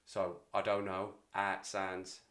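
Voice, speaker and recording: A man's voice: sits low, monotone, slow, fairly bright tone. Rambling, chatty man. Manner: rambling, chatty, self-deprecating. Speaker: livestream host. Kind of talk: casual livestream chat.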